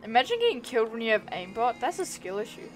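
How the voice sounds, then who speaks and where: Excitable high-voiced woman gaming streamer. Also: fast talker, low-quality recording. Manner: excitable, yells at other players, teasing. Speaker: livestreamer. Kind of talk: casual gaming livestream chat.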